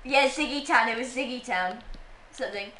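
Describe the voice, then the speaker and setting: A woman's voice: a little high, moderate pace, sharp tone. A young woman streaming a game, chatting casually with a playful, teasing manner and frequent laughter. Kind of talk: casual gaming livestream chat. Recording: roomy room sound with faint noise.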